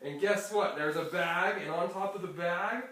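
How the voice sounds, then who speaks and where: A storyteller spinning a lively bedtime tale for a child, laughing often and acting out sound effects along the way. The voice sits at an ordinary pitch. It is picked up from across a strongly echoing room, with faint noise behind it. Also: normal speed. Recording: echoey room, distant mic, faint noise.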